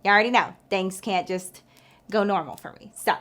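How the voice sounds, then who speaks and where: Chatty, animated woman telling a story. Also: mid-range voice, fairly quick. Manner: animated, chatty, profane, addresses viewers as bestie. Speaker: vlogger. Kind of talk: casual story time.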